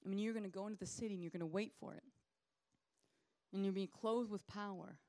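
Jesus as a woman voices him, calm and friendly. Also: medium pitch, fast talker, no echo, natural voice. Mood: reassuring. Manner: relaxed, friendly, matter-of-fact. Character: warm, calm Jesus, a grown man, reassuring.

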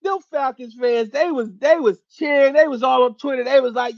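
High-voiced man ranting about football. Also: moderate pace, creaky, few pauses, no echo, highs cut off. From Philadelphia area. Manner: animated, laughing, slangy and profane. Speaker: podcast host. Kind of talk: casual sports rant.

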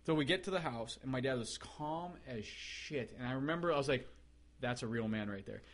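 A man guest on a podcast, telling a story in a casual, animated way, acting out quotes and laughing often. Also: mid-range voice, a little fast. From United States. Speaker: podcast guest, race car builder.

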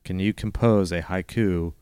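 Male co-host, very low voice, smooth, dry close mic, halting delivery. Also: a little mellow, no echo. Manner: hesitant, reads listener questions, chuckles. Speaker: podcast co-host. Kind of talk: casual sports podcast chat.

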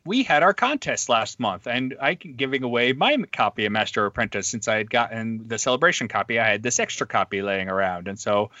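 A man hosting a podcast in casual chat, speaking hesitantly with many pauses and restarts. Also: lowish voice, sharp tone, no echo, dull audio. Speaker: podcast host.

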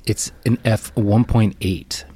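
A man's voice: fairly low pitch, fairly even intonation, takes it slowly, dark tone, breathy edge, no echo. A man co-hosting a podcast in casual chat, thinking aloud with fillers into a close mic. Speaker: podcast co-host.

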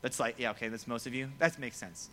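A man's voice: medium pitch, fast talker. A young man preaching a casual, joking sermon to students as their pastor, acting out quotes along the way. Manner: lively, joking, acts out quoted voices. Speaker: youth pastor.

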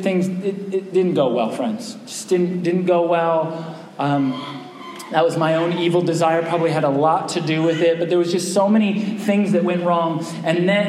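A male pastor in his thirties preaches in a relaxed, conversational way and keeps putting questions to his listeners. His voice sits fairly high. The recording has the roomy echo of a church hall with a faint hum underneath. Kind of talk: sermon.

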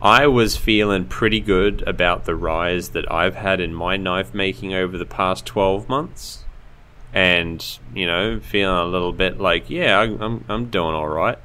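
A man co-hosting a podcast, telling a story in animated casual chat and laughing often. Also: deep voice, measured pace, clean tone. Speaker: podcast co-host.

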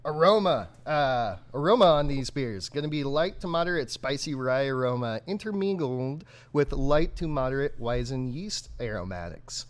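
A man's voice: mid-range voice, animated, normal speed, few pauses. A man co-hosting a live homebrewing stream, talking casually and animatedly, laughing often.

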